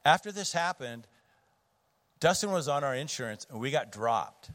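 A man's voice: medium pitch, animated, moderate pace, a bit bright. Middle-aged man preaching a sermon. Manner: conversational storytelling with fillers and restarts. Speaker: pastor.

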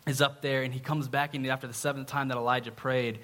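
A man preaching in a relaxed, conversational tone with a middle-pitched voice. He keeps checking in with his listeners as he talks them through a story. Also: fast talker. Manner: conversational, often adds a questioning "right?". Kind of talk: casual sermon.

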